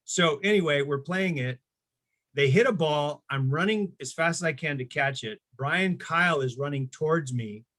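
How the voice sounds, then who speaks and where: Middle-aged male guest, animated storyteller who acts out the people he quotes, slightly high voice. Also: moderate pace. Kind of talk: casual storytelling.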